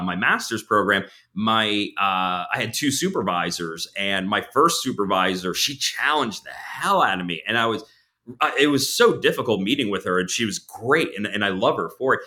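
A middle-aged man telling candid stories as a guest on a casual podcast chat, with many restarts. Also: on the low side. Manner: candid, animated storyteller with frequent restarts. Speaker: counselor supervisor, podcast guest.

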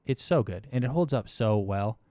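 An excitable young man co-hosting a film podcast, his voice leaping from low mumbles to high, eager bursts. The sound is close and dry, with no room around it. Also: moderate pace, dry recording. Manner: enthusiastic, animated, swings between mumbled asides and excited bursts. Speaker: podcast co-host. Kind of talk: casual film review chat.

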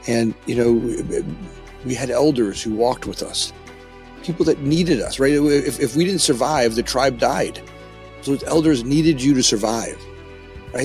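A man's voice: mid-range voice, a little mellow. A middle-aged man talking candidly as a company founder in a podcast interview, often tagging his points with "right?".

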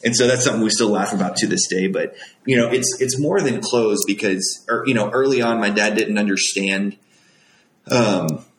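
In an echoey room with a little hiss or hum, a young man in his twenties who makes made-to-measure clothing tells a personal story. His lowish voice moves at normal speed, earnest and rambling, packed with fillers.

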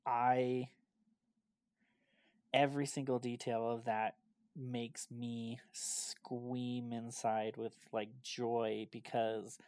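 A man co-hosting a casual podcast, retelling things in a rambling, animated way and filling his talk with "like". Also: medium pitch, extremely slow, no room sound. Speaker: podcast co-host.

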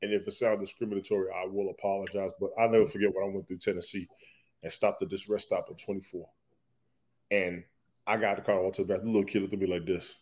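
A man's voice: low voice, quick pace. A man co-hosting a podcast, telling stories in casual, profane banter. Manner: animated, profane storytelling. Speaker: podcast co-host.

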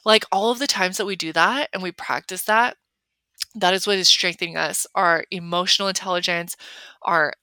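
A young woman hosts a solo podcast in a chatty, emphatic way, leaning on "like" all the time. Her voice sits a bit low but sounds bright and forceful. The recording is dry and close. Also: no echo. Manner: chatty, filler-heavy, emphatic with lots of "like". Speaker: podcast host. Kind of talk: casual solo podcast talk.

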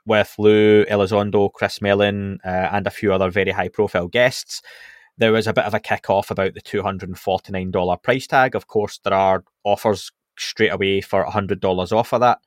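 A man's voice: fairly low pitch, a little fast, no echo, clean studio sound. A man hosting a podcast, chatting casually through show updates with plenty of ums and restarts. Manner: relaxed, chatty, with frequent fillers and restarts. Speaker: podcast host.

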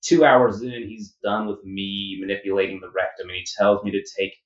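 A man's voice: fairly low pitch, fairly even intonation, fairly quick. A man who trained as a doctor, telling a work story with wry laughs in casual chat. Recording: echoey, dull room sound.

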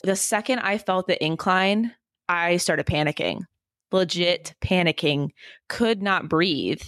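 Young woman podcast co-host, lower voice, animated candid storyteller, dry recording. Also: slow pace, no echo. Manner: candid, animated storyteller who laughs often. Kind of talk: casual chat.

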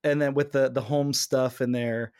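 A man hosting a podcast, chatting casually and lively, often slipping into quoted lines of dialogue. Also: medium pitch, moderate pace, clean tone, no echo, studio quality. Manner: animated, acts out quoted lines in character. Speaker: podcast host.

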